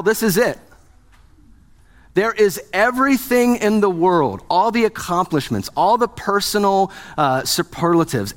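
Joking, conversational man preaching a sermon. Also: on the high side. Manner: conversational, joking, asks the congregation questions. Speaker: pastor.

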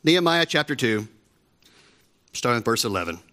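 This middle-aged pastor's sermon in the church sanctuary is chatty and joking, full of self-deprecating asides to the congregation. He speaks in a mid-range voice that's sing-song, brisk, pushed, and bright.

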